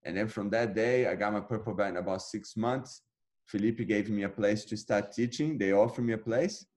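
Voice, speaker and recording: A man with a lowish voice tells his story in a relaxed, chatty way. He acts out old conversations, his voice jumping up as he plays himself and others. It sounds like a casual podcast guest in his thirties. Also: moderate pace. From Brazil. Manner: animated, acts out his own past dialogue. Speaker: interview guest, jiu-jitsu black belt.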